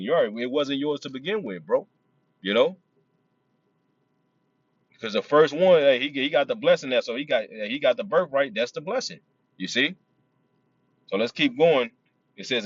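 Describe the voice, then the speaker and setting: A man leading a Bible study. He reads verses slowly, then breaks off to explain them in loose, casual talk full of fillers. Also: medium pitch, expressive, breathy edge, no echo, lo-fi sound. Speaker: preacher.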